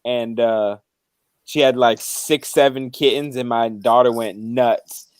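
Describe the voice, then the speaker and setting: A man with a smooth, clear voice at an ordinary pitch. He stumbles at first, then talks easily and casually. The sound is close and dry. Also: fairly even intonation, takes it slowly, no echo. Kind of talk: casual podcast chat.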